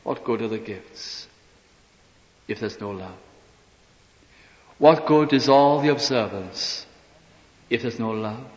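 A man preaching a sermon earnestly, asking rhetorical questions and dropping into soft asides. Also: mid-range voice, slow, pauses often. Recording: dull echoey hall recording.

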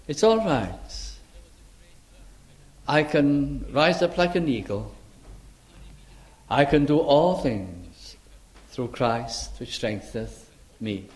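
Older preacher, slow and reflective. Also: male voice, mid-range voice, darkish tone. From Wales. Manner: unhurried, reflective, with dramatic slow emphasis on scripture. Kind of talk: sermon.

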